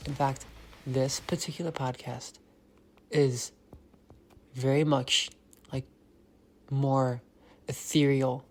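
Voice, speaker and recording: This motivational podcast is run by one man with a mid-range, darkish-toned voice. He speaks intensely, repeats his key lines, swears, and at times drops almost to a whisper.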